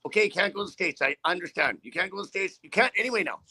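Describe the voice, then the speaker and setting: A man's voice: high-pitched, expressive, very fast, bright, forceful tone. A man, a trucker, ranting casually with rambling, profane indignation. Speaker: trucker guest. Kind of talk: casual rant.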